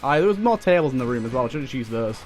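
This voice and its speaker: A young man giving excitable running commentary while playing a video game, talking back to enemies on screen. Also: mid-range voice, quick pace. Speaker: let's play host. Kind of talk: gameplay commentary. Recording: faint game music behind.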